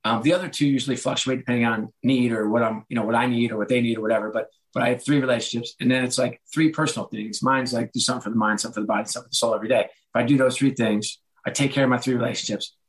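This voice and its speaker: A man's voice: medium pitch, fairly even intonation, rapid-fire, few pauses, poor audio. A middle-aged man, an author, talking in a casual podcast interview, chatty and self-deprecating, acting out what others said to him. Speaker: author and guest.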